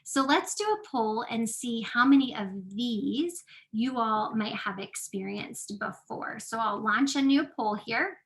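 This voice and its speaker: A woman's voice: fairly high pitch, measured pace, vocal fry, hardly any pauses, a bit bright. A woman presenting an online workshop, speaking earnestly and conversationally with frequent fillers into a computer microphone.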